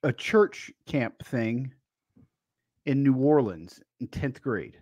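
A man's voice: medium pitch, expressive, slow pace, darkish tone. A man co-hosting a podcast who reads review scores and tells rambling personal stories in casual chat. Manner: rambling, anecdotal. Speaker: podcast co-host.

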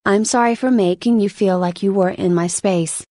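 A woman's voice: medium pitch, normal speed, mellow, no room sound, clean studio sound, natural voice. A woman voicing a guilt-ridden male test subject who earnestly blames himself. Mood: apologetic. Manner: earnest, pleading self-blame.

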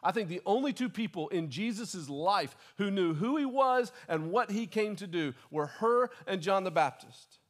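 A man's voice: high voice, expressive, moderate pace, few pauses. A male pastor delivering a sermon, talking conversationally, restarting phrases and acting out the people he quotes. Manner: conversational preaching with repeated restarts and dramatized quotes.

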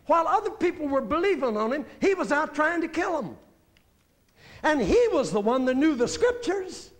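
An older man preaching a sermon. He moves between quiet, reflective musing and raised, urgent exhortation. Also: extremely high pitch, big pitch swings, normal speed. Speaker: evangelist preacher.

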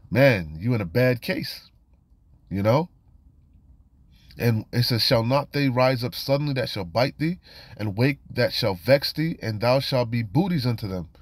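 A man's voice: medium pitch, no echo. Dry-sounding man preaching casual warnings. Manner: conversational, repeats "you know" and "man", admonishing. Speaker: scripture teacher. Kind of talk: informal scripture study and warning.

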